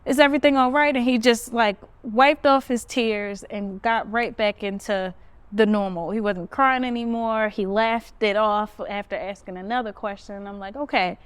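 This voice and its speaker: A woman hosting a podcast, casually recounting a story and jumping her pitch up high when she quotes herself. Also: normal speed, clean tone, dry recording. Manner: animated retelling, pitch jumps up when quoting herself. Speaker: podcast host. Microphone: phone.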